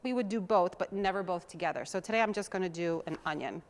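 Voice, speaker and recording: A woman's voice: fairly low pitch, fast. A young woman hosting a TV cooking show, chatting in a homey way while she chops and mixes. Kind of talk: casual cooking demonstration.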